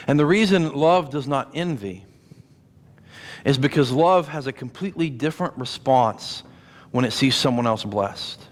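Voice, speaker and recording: Pastor preaching in a reverberant church. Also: male voice, mid-range voice, animated, normal speed. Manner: conversational preaching with playful growls and repeated rhetorical questions. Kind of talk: sermon. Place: church sanctuary. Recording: long reverb of a church hall.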